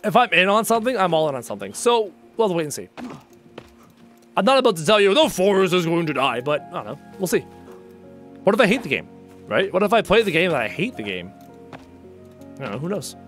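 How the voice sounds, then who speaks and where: A man's voice: high-pitched, big pitch swings, fast, fairly bright tone, faint music behind. A young man streaming a survival game live, chatting casually with viewers and joking as he plays. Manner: casual, joking, addresses chat as dude.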